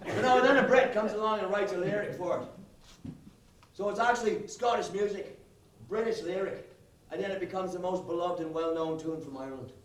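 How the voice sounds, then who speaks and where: A man doing loud stand-up comedy, bantering brashly with a live audience. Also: sits high, brisk. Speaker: stage comedian. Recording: echoey live venue, distant mic, crowd noise.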